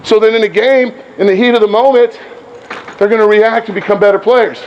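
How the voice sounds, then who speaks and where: A man's voice: sits high, fairly even intonation, fairly quick, highs cut off, slight background noise. A man coaching players through basketball drills on an indoor court, calling out short repeated commands and explaining points to other coaches. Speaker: basketball coach running a clinic.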